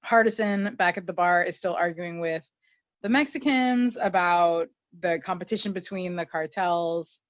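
A woman's voice: lowish voice, normal speed, no room sound. Woman podcast host, casual recap, dull dry recording. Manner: chatty, filler-heavy, laughs often.

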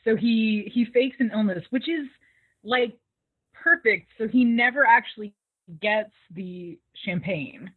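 A woman co-hosting a podcast, casually recapping an episode in an animated way with laughter. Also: a little high, unhurried, slightly rough, no echo. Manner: animated, laughing, acts out quoted lines. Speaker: podcast co-host. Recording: tinny phone-like dry sound.

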